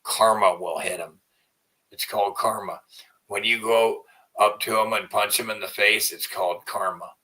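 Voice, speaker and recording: A man's voice: lowish voice, steady tone, normal speed, bright, forceful tone, distant mic, poor audio. A man hosting a livestream in a rambling, profane way, often trailing off into mumbles. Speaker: livestream host. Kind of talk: casual livestream rant.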